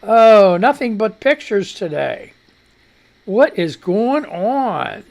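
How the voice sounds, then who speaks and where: A man's voice: sits high, big pitch swings, takes it slowly, gravelly, darkish tone. A middle-aged man hosting a casual talk radio show, rambling, chuckling often and throwing in crude asides.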